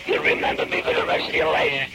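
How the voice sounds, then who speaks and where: A man on a phone call who swears nonstop and shouts threats, gravelly and furious. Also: fairly high pitch, huge pitch swings, fast talker. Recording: noisy old phone tape.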